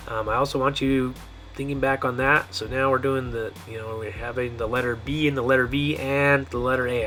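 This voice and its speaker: A man teaching a pronunciation lesson, saying each model word slowly and checking in often with the class. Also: mid-range voice, fairly bright tone. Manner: slow, drawn-out model words with frequent "okay?" checks. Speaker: Spanish teacher.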